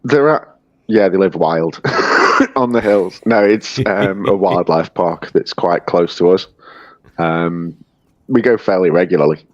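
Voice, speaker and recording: A man's voice: sits low, a little slow, no echo, highs cut off. A man chatting casually and laughing easily as co-host of a live stream.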